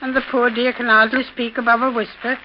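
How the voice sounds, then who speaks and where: A woman's voice: on the high side, flat delivery, brisk, slight background noise, lightly acted. An actress playing a chatty, rambling landlady in a 1930s radio drama. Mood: gossipy. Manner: rambling, gossipy storyteller. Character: chatty Irish landlady, fussing and loyal. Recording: dull lo-fi 1930s radio recording.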